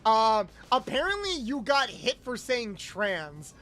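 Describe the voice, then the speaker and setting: A young man streaming a video game, chatting casually with viewers, loud and animated with swearing. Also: very high voice, slow pace. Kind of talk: casual gameplay livestream chat.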